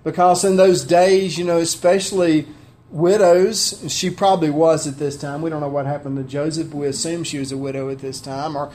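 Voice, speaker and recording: A man's voice: on the high side, steady tone, normal speed, darkish tone. A man preaching a sermon, conversational and heartfelt, often asking his listeners questions. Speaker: pastor.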